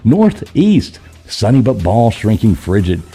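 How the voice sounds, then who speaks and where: A man hosting a podcast, running through the news with crude, irreverent jokes and quick asides. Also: fairly low pitch, sing-song, warm tone, slightly rough, soft background music. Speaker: podcast host. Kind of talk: crude comedic news rundown.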